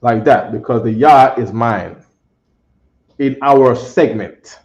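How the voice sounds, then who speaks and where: A man's voice: medium pitch, takes it slowly, a little mellow. Man teaching a class in a roomy room. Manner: patient, repeats phrases, teasing. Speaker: Hebrew teacher. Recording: roomy dull classroom audio.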